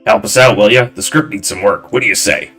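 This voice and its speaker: A man voicing a loud, arrogant male film director who shouts and talks down to people. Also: on the low side, fairly quick, soft background music. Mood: brash, condescending. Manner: shouting, condescending, brash.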